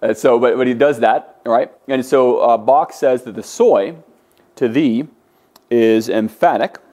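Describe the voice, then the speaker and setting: A man's voice: mid-range voice, a little slow, warm tone. A man teaching a Greek class, lecturing in a conversational way with many fillers and restarts. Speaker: Greek instructor.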